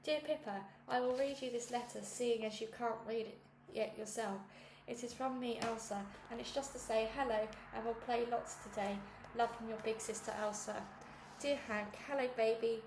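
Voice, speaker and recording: A woman reads a children's storybook aloud, animated and friendly, sometimes stumbling and correcting herself. Her voice sits a little high with a gravelly edge of fry. The echoey room carries a faint hum behind her. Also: normal speed. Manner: animated storytelling, small slips and self-corrections. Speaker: audiobook reader. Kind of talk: reading a children's book aloud.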